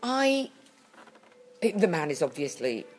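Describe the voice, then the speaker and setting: A woman with a fairly low voice talks in a loose, halting way, circling back and restarting her sentences. A recurring cough breaks in now and then. When something annoys her she grows lively and emphatic. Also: faint music behind. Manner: halting, full of restarts and fillers, animated when indignant. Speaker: podcast co-host. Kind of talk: casual chat.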